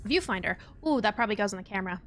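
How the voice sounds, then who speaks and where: A woman's voice: mid-range voice, animated, racing, fairly bright tone, soft background music. Chatty young woman streaming a game. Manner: rambling, chatty, laughs often. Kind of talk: casual let's-play chat.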